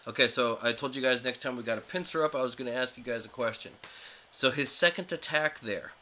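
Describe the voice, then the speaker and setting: Man, video host, casual commentary, bright tone, reads card text aloud, faint background hiss. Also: medium pitch, fast, low-quality recording. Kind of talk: casual commentary while opening card packs.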